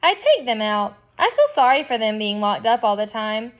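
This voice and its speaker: A woman reading the lines of a shy, awkward pet store man in a quiet, halting way. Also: a little high, big pitch swings.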